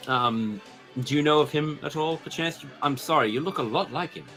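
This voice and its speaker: A man's voice: on the high side, normal speed, bright, forceful tone, faint music behind, low-quality recording. Man playing a mock-courtly, weary adventurer. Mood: dry polite. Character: courteous, weary adventurer feigning noble manners.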